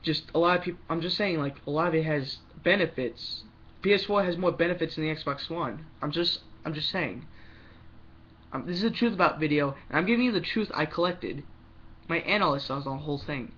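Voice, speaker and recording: A young man rambles through a casual gaming opinion vlog in a bright, slightly high voice. He rushes in bursts, trips over his words and starts again. The recording sounds dull and lo-fi. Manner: rambling, restarts often, talks fast in bursts. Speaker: gaming vlogger.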